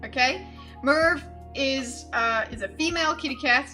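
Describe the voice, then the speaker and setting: A woman's voice: sits high, a little slow, pushed and bright, soft background music. A woman chatting casually as she reacts to clips on a live stream, giggly and easily amused.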